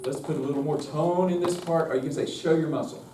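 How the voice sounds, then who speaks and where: A fairly high-voiced man talks a roomful of singers through choir techniques, chatty and self-interrupting, dropping into short sung examples. He is caught from some distance in a large, echoing hall, with faint room noise underneath. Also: fairly even intonation, quick pace, mellow. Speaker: choral workshop leader. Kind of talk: live workshop teaching. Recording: roomy distant live room recording.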